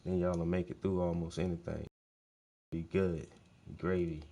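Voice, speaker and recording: A man's voice: sits low, little pitch movement, normal speed, vocal fry, warm tone. A man hosting his own show, talking in a casual monologue, blunt and heavily profane, often repeating words for emphasis. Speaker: host.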